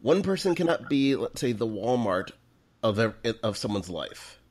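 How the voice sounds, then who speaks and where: A man's voice: medium pitch, big pitch swings, normal speed, a little mellow. A man hosting a podcast interview, agreeing with his guest and expanding on her points. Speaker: podcast host.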